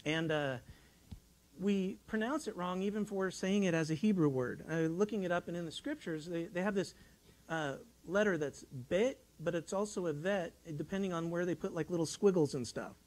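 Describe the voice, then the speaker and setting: A man's voice: high-pitched, moderate pace, darkish tone, low-quality recording. A man preaching in a church, talking in a folksy, rambling way with many restarts as he tells a childhood story. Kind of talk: sermon. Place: church sanctuary.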